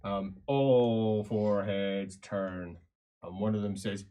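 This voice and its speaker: A man narrating a tabletop game as game master, animated and laughing often. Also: on the low side, takes it slowly.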